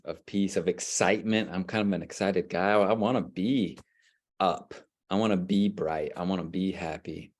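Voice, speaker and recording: Man, middle-aged, lowish voice, enthusiastic, restarts often, podcast co-host. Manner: energetic, enthusiastic, halting restarts. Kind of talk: casual chat.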